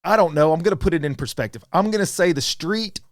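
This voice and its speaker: Middle-aged man, southern US accent, somewhat high voice, lively storytelling, acts out other voices, dry podcast studio sound. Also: fast talker, no echo. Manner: animated, acts out voices of friends and strangers. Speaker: podcast guest. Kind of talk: animated storytelling.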